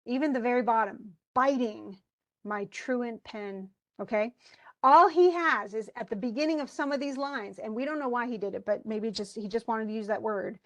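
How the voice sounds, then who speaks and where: A woman's voice: fairly high pitch, a little fast. A woman teaching a live online class, chatty, explaining with asides and voicing what students might think, on a computer mic.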